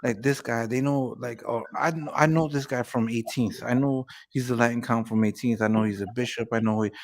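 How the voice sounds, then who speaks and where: A man's voice: mid-range voice, steady tone, fairly quick. A man in casual chat, telling rambling stories full of swearing and constant "you know what I'm saying" fillers.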